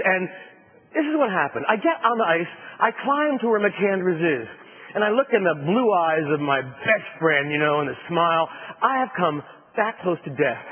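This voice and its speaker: A man from New Jersey giving a motivational keynote, telling a comic adventure story with punchlines and acted-out shouts. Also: high-pitched, husky, long reverb tail, highs cut off. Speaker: motivational speaker.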